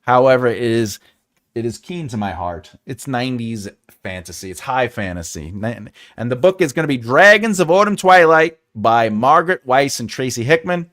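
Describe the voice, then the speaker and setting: A man in his forties chatting casually with his audience during a writing stream. His pitch swings around a lot as he talks. He jokes often, laughs easily and wanders off into rambling asides. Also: lively intonation, normal speed, a bit bright. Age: 40s. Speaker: writing channel host. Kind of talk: casual livestream chat.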